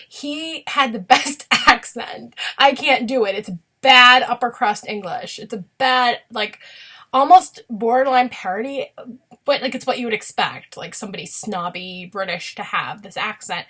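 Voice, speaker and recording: A woman's voice: on the high side, a little slow, sharp tone. A young woman vlogger chatting casually about a musical, gushing and chatty with many fillers. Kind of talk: casual chat.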